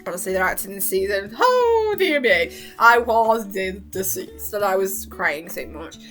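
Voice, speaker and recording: A young woman chatting casually as a vlogger, excitable and gushing, laughing often and acting out lines. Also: medium pitch, moderate pace, faint music behind. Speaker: vlogger reviewing a TV season. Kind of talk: casual chat.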